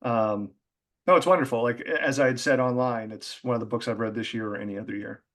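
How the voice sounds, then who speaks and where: A man's voice: medium pitch, fast. A man, an author as guest, talking in a casual, rambling way with many fillers. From Boston area. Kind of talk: casual conversation.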